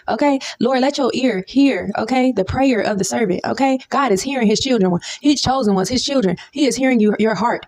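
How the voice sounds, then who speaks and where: Jeune prédicatrice, accent du Sud des États-Unis, ton familier, monte haut dans l'aigu quand elle insiste, ponctue de « okay ? ». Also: female voice. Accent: Southern US. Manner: lively, says "okay?" often, leaps high when stressing a point. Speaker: preacher. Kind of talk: informal Bible teaching.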